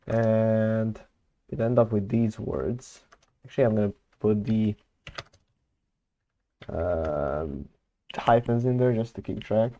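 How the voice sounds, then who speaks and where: Man on a low-fi mic, dark low voice, muses slowly and corrects himself as he goes. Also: muffled recording. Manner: thinking aloud while working, many fillers and self-corrections. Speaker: conlang creator. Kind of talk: casual screen-recorded commentary.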